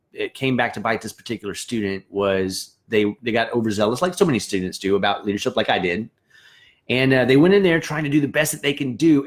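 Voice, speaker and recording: A man teaching student band leaders in a lively, animated way, often acting out what students might say. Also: medium pitch. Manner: animated, acts out quoted students with voices and laughs. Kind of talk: motivational talk to camera.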